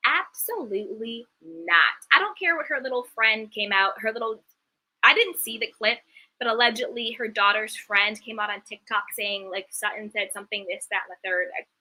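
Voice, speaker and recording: A young woman with a very bright, fairly high voice talks candidly in a casual live-stream. She is emphatic and chatty, and she stops to read viewer comments aloud. Her tone is forthright and conversational. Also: moderate pace, low-quality recording. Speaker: reality TV commentary host.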